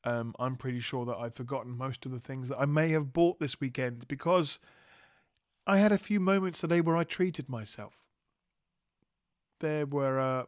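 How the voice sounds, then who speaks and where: A tired man hosting his own podcast, reflecting warmly and giddily. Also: fairly high pitch, dry recording, clean studio sound. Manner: warm, giddy, reflective. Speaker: podcast host. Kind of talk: solo podcast wrap-up.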